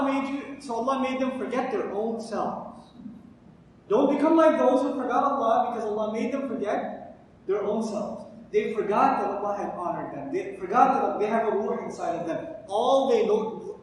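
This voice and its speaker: Man lecturing in an echoey hall. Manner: asks questions and answers them himself. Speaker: Quran teacher. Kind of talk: lecture on Quran commentary. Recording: echoey hall, distant mic, faint rumble.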